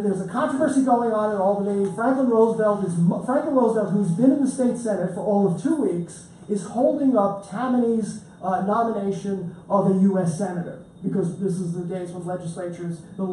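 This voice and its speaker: A man's voice: high-pitched, brisk, warm tone, a little hiss or hum. A man giving an informal talk about his book, chatty and joking, with frequent restarts. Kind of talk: informal lecture with storytelling. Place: lecture room with audience. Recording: roomy, distant mic with faint ambience.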